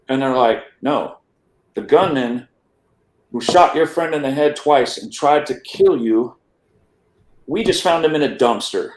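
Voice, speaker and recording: With a medium-pitched, animated voice that runs a little slow and reverberates, the man relates his life on a podcast as a guest. His telling rambles casually, with repeated word restarts and frequent "right?" check-ins.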